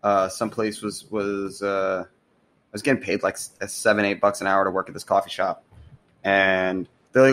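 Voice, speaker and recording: Young man, lowish voice, podcast co-host, laid-back, swears casually. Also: flat delivery, moderate pace, fairly bright tone. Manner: laid-back, profane, short agreeing replies. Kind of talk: casual chat.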